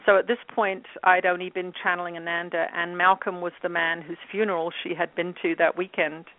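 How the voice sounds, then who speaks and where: A woman in her fifties from England, a guest telling her story in a relaxed interview with many fillers. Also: fairly low pitch, a little fast, no room sound. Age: 50s. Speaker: guest, channel and author. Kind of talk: casual interview talk. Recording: tinny phone line.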